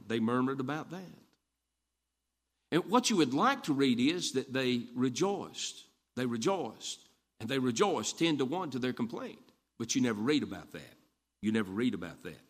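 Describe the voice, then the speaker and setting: A man preaching a folksy sermon, telling stories and repeating lines for emphasis. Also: medium pitch. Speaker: Baptist preacher.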